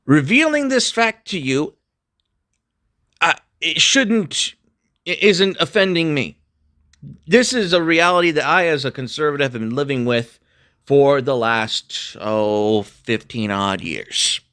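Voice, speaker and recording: A man's voice: on the high side, expressive, slow, sharp tone. Profane, combative man ranting. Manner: emphatic with repeated restarts. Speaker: political commentator. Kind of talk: ranting monologue to camera.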